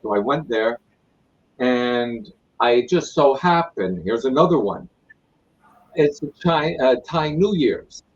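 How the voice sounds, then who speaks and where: Man telling his spiritual story as a guest, lively and acting out quotes, set back from the mic. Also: mid-range voice, slow, recorded from a distance, lo-fi sound. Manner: retells events with repeated "I go" and acted-out quotes. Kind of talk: animated personal storytelling.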